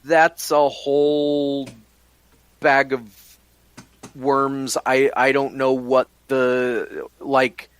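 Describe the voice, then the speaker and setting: A man's voice: medium pitch, fairly bright tone, no echo. A man chatting on a gaming podcast, taking his time and circling his points. His voice sits in a middle range and sounds dry and close. He restarts sentences as he thinks aloud. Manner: rambling, musing, restarts often. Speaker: podcast co-host. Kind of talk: casual podcast chat.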